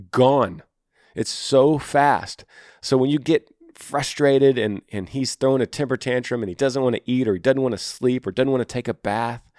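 A man's voice: mid-range voice, a little mellow, dry recording, clean studio sound. A man hosting a podcast, giving earnest, encouraging advice to a listener and repeating his key phrases. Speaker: podcast host. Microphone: studio microphone.

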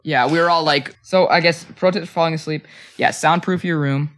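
A man co-hosting a casual group podcast, animated and quick to react. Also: a little high. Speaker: podcast co-host.

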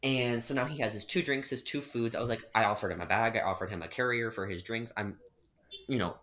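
A man co-hosting a casual podcast chat, telling a customer service story with animated, exasperated emphasis. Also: medium pitch, quick pace. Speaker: podcast co-host.

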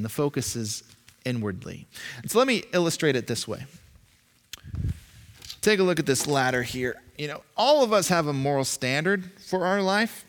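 A male pastor delivers a sermon in an animated, emphatic way and slips into acted voices. His slightly high voice rises and falls a great deal. The sound carries a long reverb from a large hall. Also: moderate pace.

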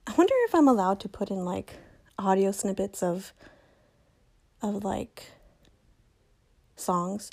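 A woman's voice: medium pitch, slow, long pauses, a little mellow. A young woman hosting a solo podcast, talking casually, joking and correcting herself as she goes. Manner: chatty, self-correcting, joking. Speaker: podcast host.

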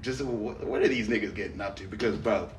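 A man's voice: fairly low pitch, brisk, roomy sound, recorded from a distance, a little hiss or hum. A young man in casual chat with a friend, talking in loose, slangy banter that sometimes sinks to a mumble.

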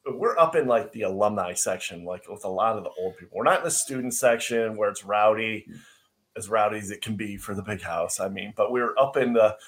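A man's voice: fairly low pitch, a little fast. A man co-hosting a podcast, chatting casually and telling a funny story with easy laughs. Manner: animated storyteller who laughs easily and says "dude". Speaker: podcast co-host.

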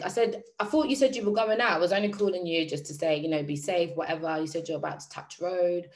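A woman speaking to her audience, telling a personal story in a lively, emphatic, slangy way and often repeating phrases for effect. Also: lowish voice, a little fast. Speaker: motivational speaker.

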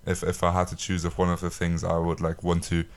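A man in his twenties co-hosting a podcast from home over a call, talking in a relaxed, rambling way with many restarts. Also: low-pitched, fairly quick. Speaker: podcast co-host. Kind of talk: casual chat.

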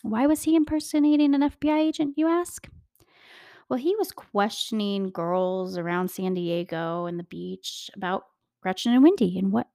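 A young woman hosting a casual true-crime podcast, chatty and animated, laughing often and talking straight to her listeners. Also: medium pitch, dry recording, studio quality. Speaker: podcast host.

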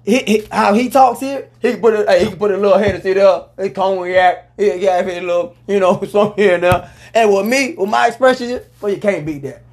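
A man hosting a casual sports talk show, talking in a loose, rambling way and letting out loud whoops. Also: high-pitched, a little fast, few pauses.

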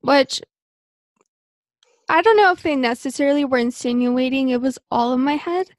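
A woman guest on a casual podcast with a high voice. She speaks earnestly, comparing experiences with the host. The recording is dry and close. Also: moderate pace, no room sound.

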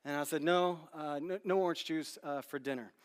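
A man's voice: a little high, a little fast, smooth. A man in his thirties preaching a sermon in a church, telling a candid, self-deprecating story with many restarts. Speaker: pastor. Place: church sanctuary.

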